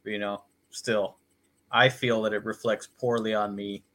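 Easygoing, low-voiced male co-host. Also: level tone, a little slow, bright, forceful tone. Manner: easygoing, profane, rambling storyteller. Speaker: podcast co-host. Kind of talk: casual podcast chat.

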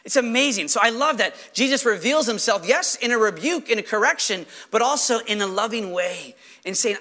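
Male pastor preaching; very high, bright, lively voice; rhetorical and animated. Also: fairly quick, few pauses. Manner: animated, rhetorical questions, acts out quoted voices. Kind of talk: sermon.

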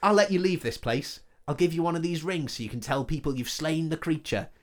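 A man voicing a foul-mouthed male demon cult leader who talks in a rough, swaggering way. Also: on the high side, lively intonation, a little fast, pitched above the performer's own voice, natural voice. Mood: scheming.

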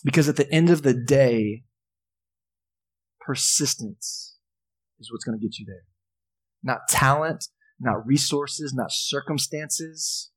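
A male pastor giving a sermon, earnest and impassioned, building to strong emphasis and easing to quiet prayer. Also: mid-range voice, a little slow, pauses often. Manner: drops to soft, quiet prayer.

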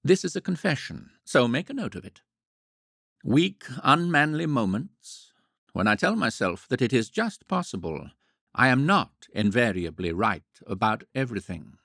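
A man's voice: medium pitch, big pitch swings, unhurried, vocal fry, sharp tone, no echo, studio quality, voice pushed up, heavily acted. A man playing an earnest, wry young painter. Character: earnest young male painter, wryly self-mocking.

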